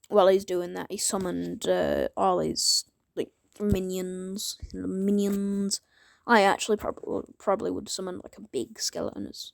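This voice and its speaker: Gravelly rambling young woman fan. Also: mid-range voice, a little mellow, no echo, studio quality. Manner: rambling, self-interrupting, drops into whispers. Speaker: fan theorizing about a crossover. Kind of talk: casual rambling monologue.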